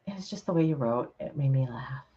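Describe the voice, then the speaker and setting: A woman hosting her channel, chatting casually with her viewers and reading their comments, relaxed and quick to laugh. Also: a bass voice, husky. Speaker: channel host. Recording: slightly dull lo-fi sound.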